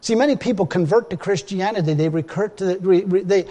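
A man's voice: sits high, a little fast, mellow, long reverb tail. A man preaching a sermon in an emphatic, folksy way, often restarting his phrases.

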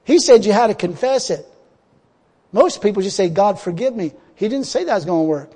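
A man preaching a sermon in a folksy way, chuckling often and rising to loud exhortation. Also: sits high, lively intonation, brisk, breathy edge. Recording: long hall reverb.

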